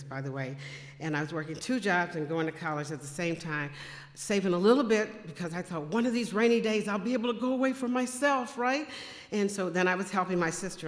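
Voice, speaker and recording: A woman speaking to a congregation, telling personal faith stories and acting out the dialogue with big jumps in voice. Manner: animated, acts out quoted dialogue with big pitch jumps. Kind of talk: testimony storytelling to a congregation. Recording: echoey hall with long reverb.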